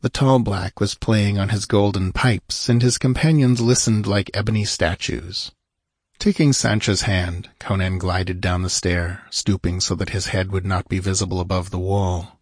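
A man reading an adventure story aloud in steady, measured scripted narration. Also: deep voice, no echo, clean studio sound. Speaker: audiobook narrator.

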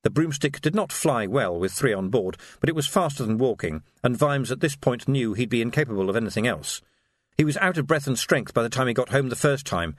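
Expressive man reading an audiobook. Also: medium pitch, fairly quick, no echo, studio quality. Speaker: narrator. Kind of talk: audiobook narration.

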